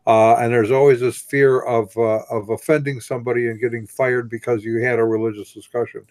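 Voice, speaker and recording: A man hosting a casual chat, often halting and repeating words as he starts a thought. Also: mid-range voice, little pitch movement, darkish tone. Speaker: host.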